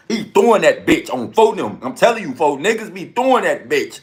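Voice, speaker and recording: A man's voice: fairly high pitch, a little fast, few pauses, a little hiss or hum. Slangy man ranting casually. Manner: slangy, animated, makes gunshot sounds. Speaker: commentary host. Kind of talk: casual commentary rant.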